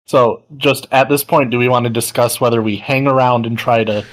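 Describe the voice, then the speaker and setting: A man talking as a player in a tabletop game, deliberately laying out plans. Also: medium pitch, fairly even intonation.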